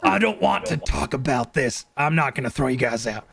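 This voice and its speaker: Man doing a bouncer, curt, flat delivery, fantasy game. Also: mid-range voice, moderate pace, vocal fry, breathy edge, full character voice. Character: gruff adult male bar bouncer, curt.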